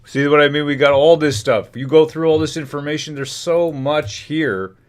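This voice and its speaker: A man's voice: a little high, normal speed. A man hosting a livestream, ranting in heated, indignant bursts while reacting to a hearing. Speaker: livestream host.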